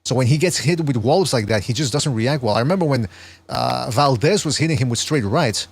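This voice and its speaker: A man with a mid-pitched voice hosts a casual podcast. He talks at length with wry, rambling asides, walking through a video clip as he goes. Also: expressive, a little fast, vocal fry, husky. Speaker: podcast host.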